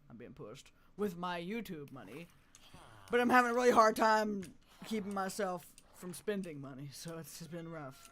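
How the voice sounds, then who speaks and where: A man chatting through a live game stream, swinging from mumbly asides to loud, cartoonish exclamations and laughing often. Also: a little high. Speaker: gaming streamer. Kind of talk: live gameplay commentary.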